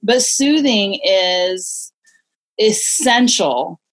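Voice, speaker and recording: A woman's voice: mid-range voice, expressive, extremely slow. A woman in her forties, a parenting expert guest, explaining ideas in an earnest, conversational way with many "you know"s.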